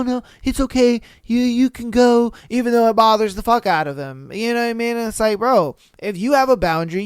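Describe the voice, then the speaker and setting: A man with a high, smooth voice talks bluntly and profanely, often asking whether you know what he means. He sounds close and dry, with no room around him. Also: dry recording. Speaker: podcast host. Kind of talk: blunt casual commentary and reading of listener posts.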